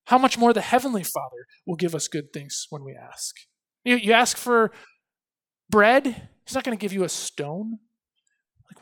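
A pastor preaching a sermon, emphatic, slowing down to stress key phrases and swinging between loud and soft. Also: male voice, high voice, expressive. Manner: reads scripture aloud with expression.

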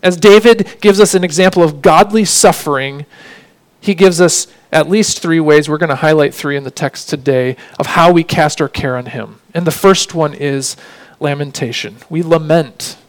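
A man with a high-pitched voice preaches a sermon. He speaks earnestly and keeps asking his listeners questions as he makes each point. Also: normal speed. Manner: earnest, asks rhetorical questions.

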